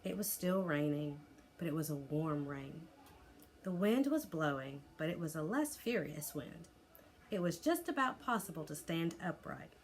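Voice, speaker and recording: A woman's voice: low-pitched, moderate pace. Woman reading a storybook aloud. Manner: expressive, lively storytelling. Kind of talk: reading a chapter book aloud.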